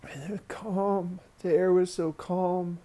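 Slow, hushed man telling a raw story. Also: high-pitched, little pitch movement. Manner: slow, halting, hushed retelling. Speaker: survivor sharing a personal story. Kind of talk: raw spoken testimony.

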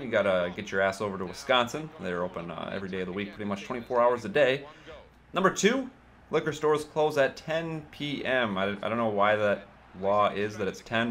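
A man's voice: lowish voice, expressive, quick pace, fairly bright tone. A man casually telling a story from his time as a liquor store clerk, sarcastic and profane.

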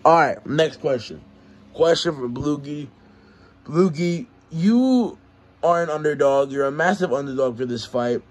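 A man moderates a mock fight press conference and moves briskly from question to question. His voice sits a little high.

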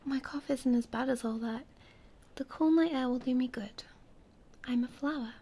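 A woman voicing a proud, delicate female flower in a soft, whispered role-play. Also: sits high, normal speed, breathy edge. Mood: tender.

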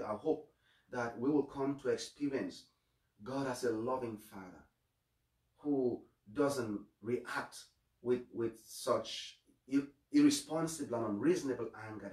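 A man's voice: medium pitch, a little slow, darkish tone, recorded from a distance. A man giving a homily as a priest, earnest, often repeating his first words and stumbling on starts. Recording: echoey room, voice away from mic.

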